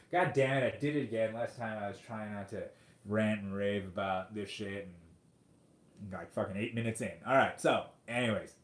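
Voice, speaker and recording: A man in his forties hosting a podcast, delivering a profane, sarcastic rant into a microphone. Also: lowish voice. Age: 40s. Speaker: podcast host. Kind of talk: ranting monologue. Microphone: studio microphone. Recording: roomy echo.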